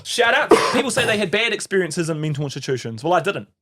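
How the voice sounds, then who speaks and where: A man's voice: sits high, very animated, quick pace, pushed and bright. A man in his thirties with a New Zealand accent, a podcast guest telling an emotional story, swearing freely and acting out other people's voices.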